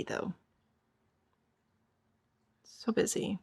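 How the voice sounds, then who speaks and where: A woman streamer talks casually through a game session and answers her chat as she goes. Her voice is hoarse and worn out, sitting a little low and carrying a rough, gravelly fry. She sounds like she is thinking aloud. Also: normal speed. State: hoarse and tired.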